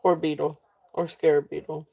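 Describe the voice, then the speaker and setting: Her voice sits low and is gravelly and dark, level in tone at a normal speed. Hosting a live jewelry sale with her South Central Virginia Southern accent, she chats casually with plenty of fillers and thanks viewers by name.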